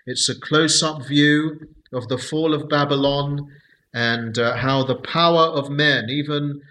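A man leading a Bible study, speaking slowly and deliberately with many hesitant fillers. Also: on the high side, steady tone, pushed and bright, low-quality recording.

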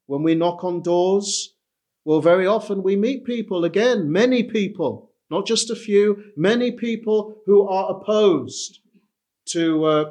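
A man's voice: sits high, darkish tone. A man preaching a sermon, emphatic and repeating his key phrases for weight.

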